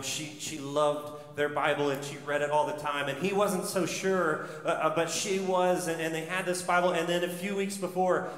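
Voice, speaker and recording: A male pastor preaching a sermon, telling stories and building his points with repeated rhetorical questions. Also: on the high side. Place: church sanctuary. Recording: echoey church hall.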